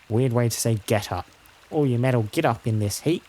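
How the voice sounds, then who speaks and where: A man's voice: medium pitch, fairly quick, mellow. Musing man streaming a game. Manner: musing, analytical. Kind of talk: let's play commentary.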